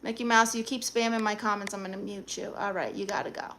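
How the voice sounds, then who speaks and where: A woman's voice: medium pitch, steady tone, fast talker, fairly bright tone, a little hiss or hum. A woman hosting a live stream, reading viewers' comments aloud and answering them in a sassy, blunt, teasing way.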